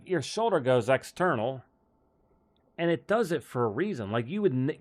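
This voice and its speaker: A man hosting a live golf stream, telling stories in a loose, rambling way and laughing often. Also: a little high. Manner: rambling storyteller, many restarts and laughs. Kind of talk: casual live-stream chat.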